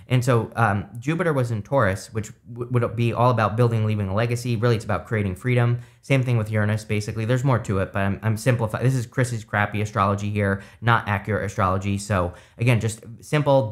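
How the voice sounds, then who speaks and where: A man, possibly middle-aged, giving a relaxed, rambling tarot reading with many fillers and restarts. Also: lowish voice. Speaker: tarot reader.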